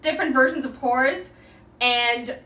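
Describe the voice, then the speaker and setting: A woman's voice: sits high, a little slow, bright, forceful tone. A young woman from Quebec with a Québécois accent, whose first language is French, chatting casually and giggling with her viewers while she cooks on a livestream. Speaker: streamer. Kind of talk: casual cooking livestream chat. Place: home kitchen. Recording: echoey kitchen, mic at a distance.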